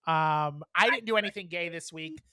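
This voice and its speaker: A woman co-hosting a podcast, telling a story in a casual, animated way, swearing freely and acting out the people she quotes. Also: on the low side, moderate pace, dry recording. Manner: animated, profane, acts out quoted dialogue. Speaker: podcast co-host.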